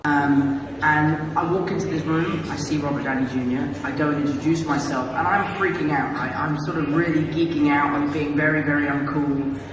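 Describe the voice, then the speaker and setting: A young man in a press interview, eagerly recounting a story with excitement. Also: on the high side, moderate pace, noisy background. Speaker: actor. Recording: echoey hall from far off, with music.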